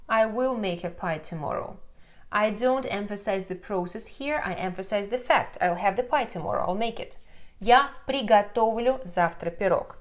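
Russian-accented female tutor, patient explainer, online lesson. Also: medium pitch. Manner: patient explaining, frequent checking "да?". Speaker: language teacher.

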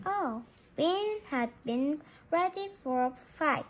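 A woman reading a children's chapter book aloud in a lively, expressive way, with small slips now and then. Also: high voice, slow pace. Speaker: storybook reader.

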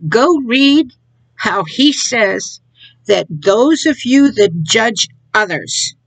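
A woman's voice: a little high, lively intonation, very slow, dry recording, rough recording. A woman preaching an informal sermon with a mocking tone. She laughs at what she describes and acts out other people's words with scorn. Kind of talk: informal sermon to an online audience.

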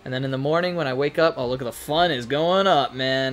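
A man's voice: mid-range voice, brisk, few pauses, faint music behind. A man giving casual, chatty commentary on his own gameplay, talking to the game characters and laughing often. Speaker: let's play gamer.

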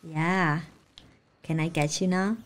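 A woman's voice: low-pitched, steady tone, slow, a little hiss or hum. A woman hosting a casual let's-play, reacting to the game in a gushing, emotional way, talking into a desk microphone. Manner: gushing, emotional, easily delighted. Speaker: gaming channel host.

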